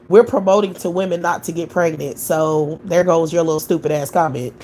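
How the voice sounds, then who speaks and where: A woman's voice: on the low side, fairly even intonation, brisk, hardly any pauses, darkish tone, slight background noise. Scornful, profane woman ranting on a live stream. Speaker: livestream host. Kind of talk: live stream reacting to chat.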